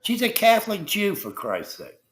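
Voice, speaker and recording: A man's voice: sits high, wildly swooping pitch, normal speed, slight background noise. A man hosting a livestream, ranting heatedly about politics with constant swearing and talking to his chat viewers. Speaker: livestream host. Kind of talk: profane political rant on a livestream.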